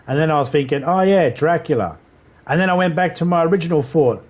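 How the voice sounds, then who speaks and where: A man's voice: a little high, expressive, fairly quick. A man streaming a video game live, riffing in crude, rambling banter and laughing at his own jokes.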